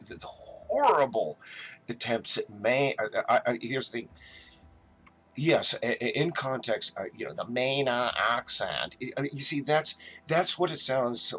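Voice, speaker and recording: Stammering chatty man, bright voice. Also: on the low side, breathy edge. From New Jersey. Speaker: livestream host. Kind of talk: casual live chat.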